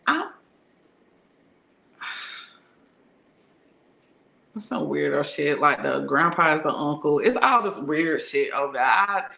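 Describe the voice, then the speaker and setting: A woman's voice: deep voice, expressive, a little slow, creaky, bright, forceful tone. A woman telling a candid personal story in a frank, slangy, conversational way that is broken up with laughter. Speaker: tarot reader and channel host. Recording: echoey room.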